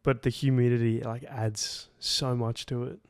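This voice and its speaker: A man's voice: mid-range voice, flat delivery, normal speed, no room sound. Young aussie guy rambling through a travel story on a podcast, lots of "like", swears a bit, dry close sound. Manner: rambling storyteller, heavy use of "like", swears casually. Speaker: podcast co-host. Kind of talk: casual chat.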